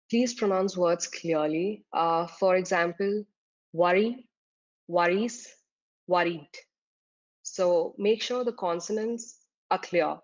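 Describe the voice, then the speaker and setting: A woman tutor giving a slide-based lecture, explaining terms step by step with frequent "uh" fillers. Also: fairly low pitch. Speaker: exam tutor. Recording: dull lo-fi recording.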